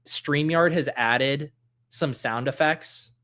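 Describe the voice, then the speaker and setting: A man's voice: a little high, takes it slowly, bright, forceful tone. A man hosting a casual livestream, thinking aloud as he drafts and answering chat comments in a loose, joking way. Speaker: livestream host drafting fantasy football.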